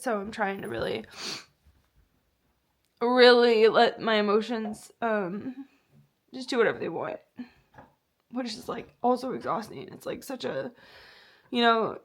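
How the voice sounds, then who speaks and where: A woman's voice: on the high side, fairly bright tone. A young woman vlogging about a painful breakup, tearful and rambling, with lots of fillers and swearing. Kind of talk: emotional personal vlog.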